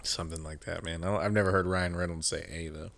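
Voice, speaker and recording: A man's voice: deep voice, steady tone, quick pace, creaky, a bit bright. A man hosting a casual podcast chat, laid-back and laughing a lot. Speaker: podcast host.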